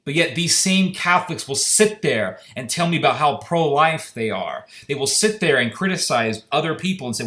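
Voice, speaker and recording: A man's voice: on the high side, lively intonation, normal speed, few pauses, sharp tone. A man giving an impassioned, indignant solo opinion monologue, firing off rhetorical questions. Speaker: commentator. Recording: echoey room.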